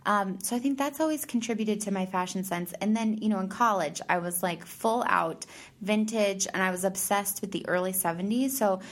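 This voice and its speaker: A bubbly woman in her thirties, a stage actor talking casually as a guest. She is chatty and laughs a lot, with plenty of "like" fillers. Her pitch sits in an ordinary middle range. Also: normal speed. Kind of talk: casual chat.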